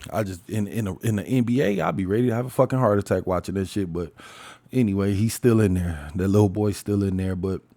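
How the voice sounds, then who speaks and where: Forties male podcast host, AAVE speech, low mellow voice, profane and animated solo talk. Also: quick pace. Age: 40s. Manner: profane, animated storytelling with frequent laughs. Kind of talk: casual solo podcast monologue.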